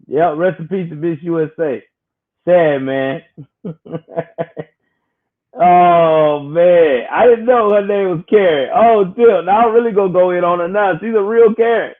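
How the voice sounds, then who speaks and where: A man's voice: high voice, measured pace, long pauses. A man hosting a casual livestream, joking in slang and laughing often between remarks. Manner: laughs constantly, slangy and animated. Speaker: livestream host. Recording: tinny phone-like audio.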